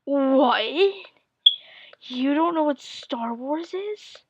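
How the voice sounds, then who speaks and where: A woman quoting her excited father, who stammers and repeats himself as he pesters his small daughter. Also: very high-pitched, fairly quick, noisy background. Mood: shocked. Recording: dull, dry lo-fi recording.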